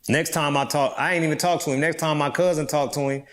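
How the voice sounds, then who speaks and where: A man's voice: fairly high pitch, steady tone, fast, fairly bright tone. A middle-aged man, a guest in an interview, telling a story in a blunt, streetwise way and swearing freely.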